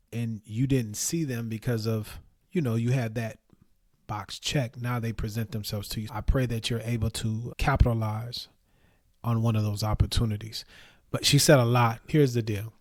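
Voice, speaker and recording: A man hosting, giving steady, earnest advice in a preacher-like manner. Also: medium pitch, dry recording, clean studio sound. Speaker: host. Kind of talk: advice commentary.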